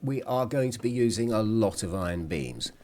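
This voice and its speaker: A man talks through his gameplay in a relaxed, chatty way, pausing to hum or apologise. His voice sits low but rises and falls with a lot of life. Faint game ambience hums behind him. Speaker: gameplay commentator. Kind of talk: casual gameplay commentary.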